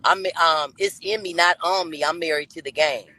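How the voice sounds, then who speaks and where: A woman's voice: deep voice, fairly even intonation, normal speed, pushed and bright, rough recording. A woman in her fifties answering interview questions as a guest, brash and self-assured, drawling and repeating her points. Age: 50s. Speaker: guest on a dating talk show.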